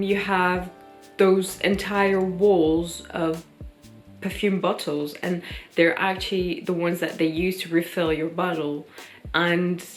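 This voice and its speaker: A woman with a French accent, a French native speaker, chatting casually in a vlog with frequent ums. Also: fairly low pitch. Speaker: vlogger. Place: London.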